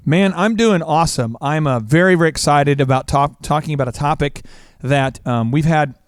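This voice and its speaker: A man hosting a business talk show as a coach, energetic and animated, telling stories. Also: fairly high pitch, normal speed, no room sound, clean studio sound. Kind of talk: casual chat.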